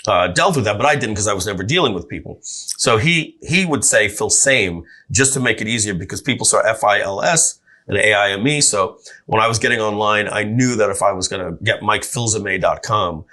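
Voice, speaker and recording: Middle-aged male guest, lively storyteller, bright forceful tone, lowish voice. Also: brisk. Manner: animated storyteller acting out quotes. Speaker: guest entrepreneur. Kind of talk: storytelling interview.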